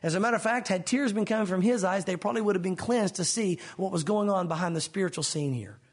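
A man's voice: high-pitched, fast. A middle-aged man preaching a sermon in an earnest, emphatic way, lifting his voice when he quotes scripture. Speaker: pastor.

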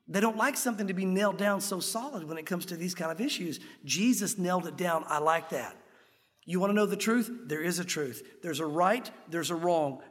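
A middle-aged man preaching a sermon as pastor, conversational and emphatic, with sudden loud peaks. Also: high-pitched. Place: church sanctuary. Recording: long reverb of a large hall.

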